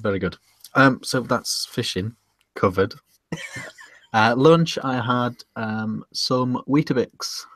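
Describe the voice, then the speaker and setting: A man's voice: mid-range voice, slow pace, fairly bright tone, no echo. A British man co-hosting a casual podcast chat, restarting his sentences and laughing often. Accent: British English. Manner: hesitant, repeats words and laughs often. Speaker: podcast co-host.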